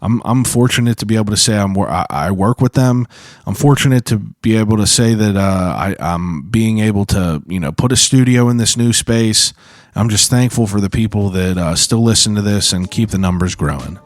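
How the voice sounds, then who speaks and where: A man's voice: fairly low pitch, moderate pace, no room sound, studio quality. Laid-back rambling podcast guy. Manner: casual, profane, rambling with many fillers. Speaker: podcast host. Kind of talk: solo podcast chat.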